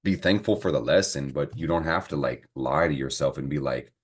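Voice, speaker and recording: A man's voice: very deep voice, brisk. A man giving a casual astrology and tarot reading to camera, talking in a slangy, profane, encouraging way. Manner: slangy, profane, animated pep talk.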